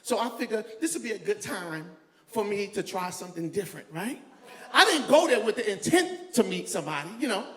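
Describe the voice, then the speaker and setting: A man from New York doing stand-up comedy, telling stories loudly and animatedly. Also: high-pitched, fairly quick. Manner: loud, animated storytelling, laughing along. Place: comedy venue with a live audience. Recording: echoey room with faint ambience.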